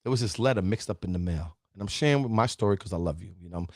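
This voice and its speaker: A man's voice: low-pitched, rapid-fire, no room sound, studio quality. A middle-aged man hosting a live motivational stream, talking straight to his viewers and the chat. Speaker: host of a live positivity show.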